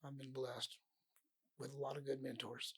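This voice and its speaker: With a medium-pitched, gravelly and husky voice at a moderate pace, a middle-aged man who coaches wrestling shares stories of his youth. It's a casual podcast interview, and he animatedly acts out his former coaches' lines.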